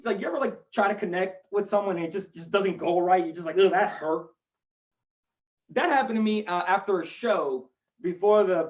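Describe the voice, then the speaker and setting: A man's voice: high voice, distant mic, muffled recording. A male stand-up comedian doing a chatty, rambling set from his home over a video call, with self-deprecating asides. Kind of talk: stand-up set for an online show.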